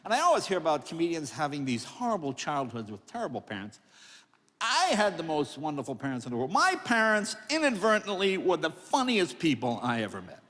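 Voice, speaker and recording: A man's voice: on the high side, fairly quick. A man in his sixties telling comic stories in an acceptance speech on stage, acting out family members' voices. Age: 60s. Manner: animated, acts out voices of family and others. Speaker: comedian. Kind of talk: stand-up storytelling speech. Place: large hall on stage. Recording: long hall reverb.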